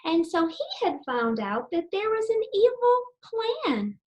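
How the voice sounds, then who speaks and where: A woman's voice: very high-pitched, very animated, unhurried, darkish tone. A middle-aged woman teaching preschool children, telling a story and leading circle time in a sing-song, encouraging way, asking them lots of questions.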